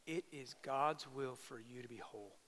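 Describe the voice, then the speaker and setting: A male pastor preaching a sermon, swinging between loud emphatic bursts and quiet intimate asides. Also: medium pitch, normal speed, slight background noise. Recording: long hall reverb.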